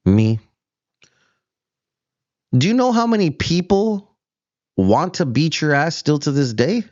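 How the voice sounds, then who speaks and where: A man's voice: fairly high pitch, big pitch swings, takes it slowly, darkish tone, dry recording, lo-fi sound. A host on a confrontational callout rant, taunting his target and calling him fool again and again. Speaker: show host.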